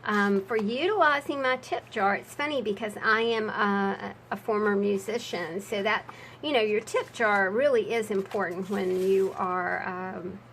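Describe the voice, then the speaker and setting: A woman's voice: mid-range voice, measured pace, a bit bright, low-quality recording. A chatty woman walks viewers through her handmade journals. She talks casually, drifts into rambling asides and fills the gaps with ums. There is a faint hiss behind her voice. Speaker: junk journal crafter. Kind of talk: casual crafting vlog.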